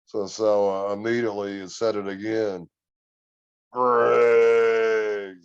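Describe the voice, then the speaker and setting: A man guest on a podcast, telling a story in an earnest, relaxed, drawn-out way. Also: fairly low pitch, clear, resonant tone, dry recording, muffled recording. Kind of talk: casual storytelling.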